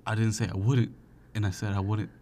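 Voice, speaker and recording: A man's voice: lowish voice, flat delivery, fairly quick, dark tone. A young man co-hosting a casual podcast, joking and dodging questions, often acting out the lines of people he quotes. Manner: jokey, evasive, acts out quoted voices. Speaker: podcast co-host.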